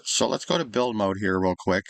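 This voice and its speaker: A man's voice: on the low side, lively intonation, fairly quick, creaky, dry recording. A man casually commenting on his life-sim gameplay, thinking aloud in an easygoing, chatty way. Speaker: gaming YouTuber.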